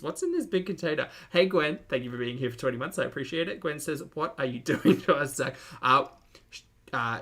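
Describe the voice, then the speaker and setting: A man's voice: mid-range voice, gravelly, bright, forceful tone. A man with an Australian accent hosting a live reaction stream, chatting casually, laughing often and reading out chat messages.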